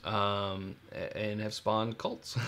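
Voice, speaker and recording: A man's voice: fairly low pitch, moderate pace, fairly bright tone. A man co-hosting a live whiskey stream, talking casually in a laid-back, rambling, jokey way. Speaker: co-host.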